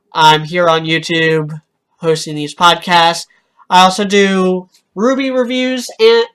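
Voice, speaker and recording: A man's voice: on the high side, a bit bright, clear, resonant tone. A man hosting a casual fan podcast, talking with lots of hesitant fillers. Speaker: podcast host.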